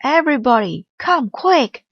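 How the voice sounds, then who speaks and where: Earnest young boy for a storybook read-aloud, read by a woman; slow, lowish, dry and slightly dull. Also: sing-song, no echo, full character voice.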